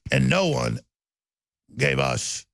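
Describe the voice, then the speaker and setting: A man hosting a political talk show, ranting rapidly and heatedly with stammering restarts. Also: medium pitch, vocal fry, very noisy.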